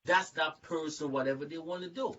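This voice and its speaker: Animated rambling man, distant dull audio. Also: fairly high pitch, brisk. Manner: animated, rambling, repeats words, acts out voices. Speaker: show host. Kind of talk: casual storytelling in a group talk. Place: online video chat.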